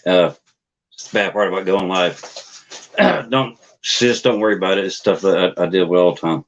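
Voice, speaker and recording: A man with a lowish voice hosts his theory channel live, rambling along loosely and stumbling through fillers and false starts. The sound is dull and lo-fi, like a basic stream mic. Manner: halting, many fillers and restarts. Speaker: YouTube theory channel host. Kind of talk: casual rambling livestream chat.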